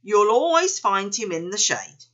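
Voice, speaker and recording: A woman's voice: mid-range voice, sing-song, a little slow, fairly bright tone, muffled recording. A woman doing a fretful mother kangaroo. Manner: fretful, earnest. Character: anxious caring mother kangaroo.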